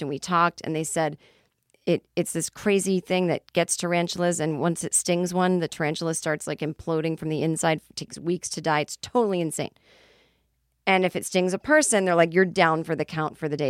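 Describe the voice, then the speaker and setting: Low-voiced woman telling a story. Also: brisk, dry recording, clean studio sound. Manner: animated storyteller with shrieked outbursts. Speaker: podcast host. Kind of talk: casual storytelling monologue.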